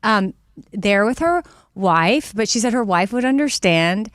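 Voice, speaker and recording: A woman's voice: medium pitch, expressive, measured pace, dry recording, clean studio sound. A woman co-hosting a radio show, chatting in a wry, teasing way. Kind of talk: casual chat.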